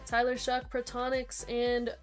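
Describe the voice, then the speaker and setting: Young woman, high voice, breaks host, quick chatty name lists, faint music behind. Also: completely flat delivery. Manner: rapid listing of names, chatty asides to viewers. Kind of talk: live-stream card break commentary.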